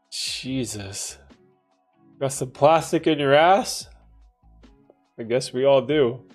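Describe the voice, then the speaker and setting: A young man from Canada hosting a casual livestream, reading chat and joking, laid-back with loud bursts of laughter and swearing. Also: medium pitch, animated, drawn-out words, pauses often, soft background music. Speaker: livestream host answering chat.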